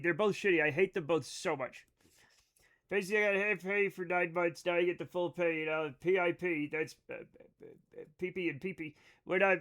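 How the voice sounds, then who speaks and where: A man's voice: a little high, a bit bright. A tipsy man streaming a game and chatting casually with his viewers, blunt and profane.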